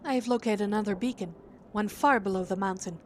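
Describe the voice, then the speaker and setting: Woman reading a calm, formal scholar. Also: mid-range voice, slight background noise, close to an everyday voice. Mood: thoughtful. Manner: formal, measured, softer. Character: calm, learned female scholar.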